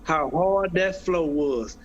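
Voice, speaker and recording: A man's voice: fairly high pitch, slow pace, muffled recording, a little hiss or hum. A man telling a personal story in an interview, earnest, often repeating and restarting phrases. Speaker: guest speaker.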